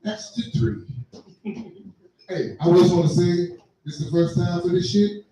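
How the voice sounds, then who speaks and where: A man doing a loud, animated, raunchy stand-up set on a comedy venue stage. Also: high voice, normal speed, recorded from a distance. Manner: loud, animated, acts out his mother. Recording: echoey live room, mic from afar, crowd noise.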